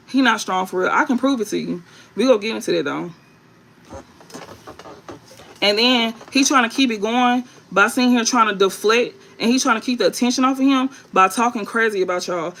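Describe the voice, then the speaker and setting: Addressing viewers straight on, a woman gives a tarot reading that is forceful and blunt, with repeated points and free cursing. She speaks at medium pitch with a creaky, fairly bright voice, and the recording is rough.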